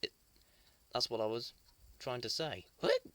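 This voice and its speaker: A woman's voice: very deep voice, big pitch swings, unhurried. A woman hosting a children's toy show, telling it in a playful, theatrical way with dramatic whispers.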